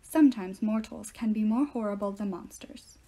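A stern young huntress, as a woman reading aloud puts her on, speaking in formal, old-fashioned phrasing. Her voice is hushed and mellow, with a bitter edge that stays. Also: medium pitch, moderate pace, natural voice. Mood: grim.

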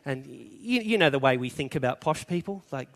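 A man's voice: mid-range voice, animated, normal speed, gravelly, fairly bright tone. A middle-aged Australian man preaching a sermon, telling stories and building to emphatic declarations. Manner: storytelling, rising to emphatic declaration.

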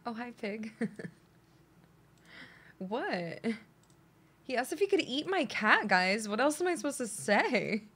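A woman's voice: a little high, sing-song, slow, pauses often, fairly bright tone, breathy edge. A young woman streaming a video game at home, chatting playfully with her pet and her viewers and joking with mock aggression. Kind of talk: casual gameplay commentary.

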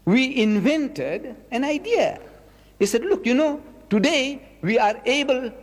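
A man delivers a public lecture in a highly dramatic way, acting out dialogues and asking rhetorical questions. His voice sits high and swings widely in pitch. A long reverb from the hall trails his words. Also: expressive, unhurried. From South Africa. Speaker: Islamic lecturer.

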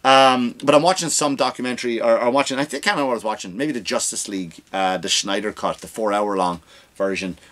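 A male comedy podcast host in full rant, swearing freely and jumping into other people's voices to act them out. His pitch sits in the middle range for a man. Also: quick pace. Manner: animated, swears freely, acts out quoted voices.

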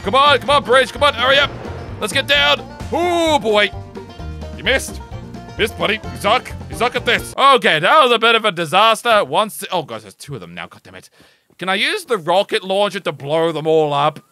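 A man giving excitable, jokey let's play commentary, taunting enemies as he plays, recorded on a desk mic with game music behind him. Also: high-pitched, normal speed. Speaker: gaming YouTuber.

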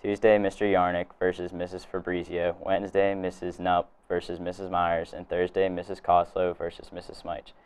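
A teenage boy reads the school's daily announcements in a deep, even voice. He keeps a steady, level delivery and stumbles now and then on a word. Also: moderate pace, hardly any pauses, clear, resonant tone. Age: teens. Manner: reads steadily, trips over a few words. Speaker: student announcer.

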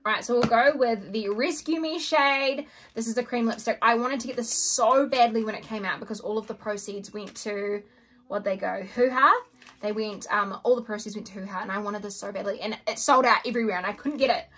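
A young woman vlogging a makeup unboxing at home, her voice sitting a little high. She talks casually and excitably, gasping at colors and sometimes slipping into a soft whisper. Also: brisk. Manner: gushing, excitable, frequent gasps and soft whispers. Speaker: beauty vlogger.

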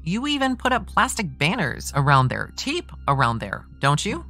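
A woman's voice: low-pitched, huge pitch swings, moderate pace, bright, forceful tone, faint music behind, heavily acted. A woman reading a trial transcript aloud, voicing a persistent male defense attorney who presses a witness with leading questions. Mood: pressing. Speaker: true crime podcast host.

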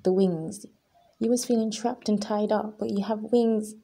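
Husky, gravelly-voiced woman reading tarot. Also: medium pitch, fairly even intonation, a little slow, warm tone. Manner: emphatic and repetitive, often addressing viewers as guys; earnest and emotional. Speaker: tarot reader. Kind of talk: pick-a-card tarot reading to viewers.

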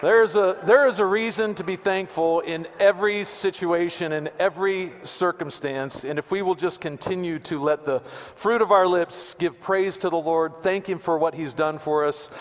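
Brief: casual male pastor, fairly high voice, folksy repetitions, long sanctuary reverb. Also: normal speed. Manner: conversational, repeats words, joking asides. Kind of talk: sermon. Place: church sanctuary.

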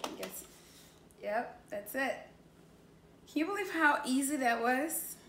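In an echoey indoor room with faint noise, a woman in her late twenties unboxes a new camera on her vlog. Her voice is high with lively intonation at a slow pace, and she gushes, exclaims often, and laughs between remarks.

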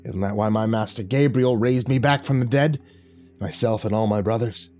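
A man voicing an undead old sea captain, weary and loyal, with a gruff, grim manner, in a horror story reading. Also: lowish voice, moderate pace, a little mellow, soft background music, natural voice. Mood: grim resolve.

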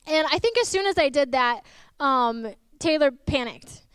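Young woman preacher with a high voice, dry close-miked sound, lively and personal. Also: measured pace, no room sound. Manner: lively and personal, tells stories with laughs and asides. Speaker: guest preacher. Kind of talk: sermon.

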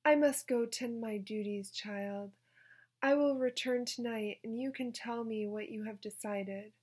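A woman voicing a gentle, pitying older woman at a convent, speaking calmly and kindly. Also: on the high side, unhurried, husky.

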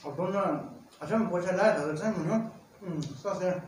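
High-voiced man in an echoey room. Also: very noisy. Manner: halting, broken English with playful asides. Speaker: comedy vlogger. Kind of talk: comic mukbang parody. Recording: echoey room, far from the mic.

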